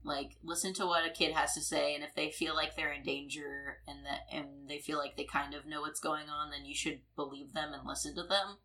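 Woman co-host, very low pitch yet bright, loose rambling delivery. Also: level tone, brisk, hardly any pauses. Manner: casual, many fillers, laughs easily. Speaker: podcast co-host. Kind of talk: casual film discussion.

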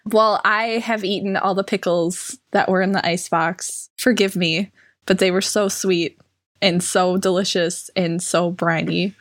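A woman playing a comedy game show, bantering with cheeky deadpan lines. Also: on the low side, measured pace, no echo, studio quality.

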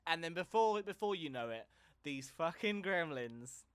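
Telling a story casually on a comedy podcast he co-hosts, a man with a slightly high, smooth, expressive voice moves at a moderate pace. He stammers through repeated words and laughs frequently.

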